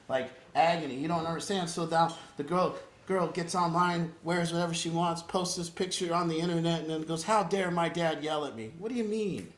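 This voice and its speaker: A man's voice: on the high side, echoey room. A man leading an informal group talk as a recovery program counselor, earnest and emphatic, rambling with restarts.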